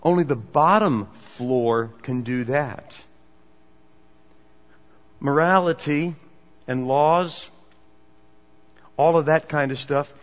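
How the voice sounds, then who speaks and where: Male preacher, mid pitch, emphatic then hushed; long hall reverb, muffled lo-fi sound. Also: takes it slowly, long pauses. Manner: swings between emphatic and hushed delivery. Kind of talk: sermon. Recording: dull, echoey hall recording.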